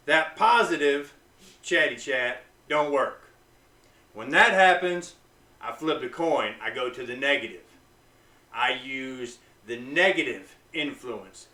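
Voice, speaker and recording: A blunt, profane man talks straight to camera in a bright, forceful voice. He swings from loud hype to low, intense talk. He stands back from the mic in an echoey room. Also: recorded from a distance. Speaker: vlogger on fasting. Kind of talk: casual motivational talk to camera.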